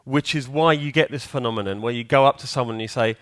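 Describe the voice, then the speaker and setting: A man's voice: mid-range voice, quick pace. A man giving a live conference talk in a hall, chatty and joking, quizzing the audience. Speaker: conference speaker.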